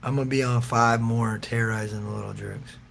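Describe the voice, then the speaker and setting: There's a slight hiss or hum as a man with a gravelly, somewhat bright, medium-pitched voice speaks briskly and steadily. He's a livestream host reading viewers' comments and responding with loose, slangy jokes and lots of laughter.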